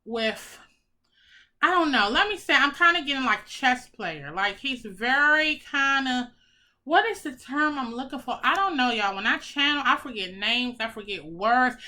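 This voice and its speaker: Woman, high bright voice, chatty tarot reader, excitable, casual swearing. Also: moderate pace. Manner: chatty, excitable, swears, addresses viewers as y'all. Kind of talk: casual tarot reading to viewers.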